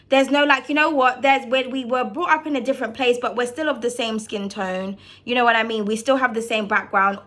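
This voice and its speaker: A woman's voice: fairly high pitch, sharp tone. A young British woman, a tarot reader and channel host, ranting bluntly to camera in a casual monologue, swearing freely and filling her talk with asides.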